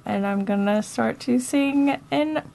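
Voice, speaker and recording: Hesitant woman player, slightly high voice. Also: takes it slowly, gravelly, warm tone. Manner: rambling, hesitant. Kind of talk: casual tabletop game play.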